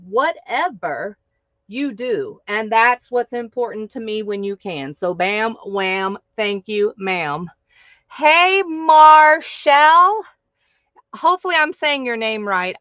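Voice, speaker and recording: A woman's voice: on the high side, fairly bright tone, no room sound, dull audio. A woman hosting a livestream, bubbly and playful as she greets viewers. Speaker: livestream host.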